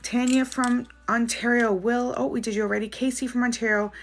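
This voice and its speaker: A woman's voice: a little high, fairly even intonation, a little fast. A woman hosting a live stream, reading out viewers' names and questions and answering them in a chatty, reassuring way. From Canada. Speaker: psychic livestream host.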